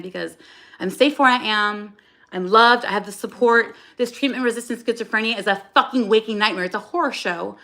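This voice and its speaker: A woman's voice: mid-range voice, fairly bright tone. A woman hosting a livestream from her phone, talking in a raw, blunt and profane way, with frequent restarts. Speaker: livestream host. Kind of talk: emotional livestream monologue.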